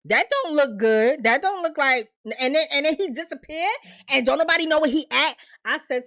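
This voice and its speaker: A woman's voice: high-pitched, lively intonation, normal speed, fairly bright tone. Chatty, slangy woman recapping a show. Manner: chatty, laughing asides, profane. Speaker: TV recap reviewer.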